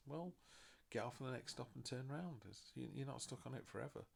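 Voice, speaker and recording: A middle-aged man giving a casual tarot reading, chatty and self-mocking, with animated asides. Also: mid-range voice, quick pace, creaky, few pauses, breathy edge. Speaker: tarot reader.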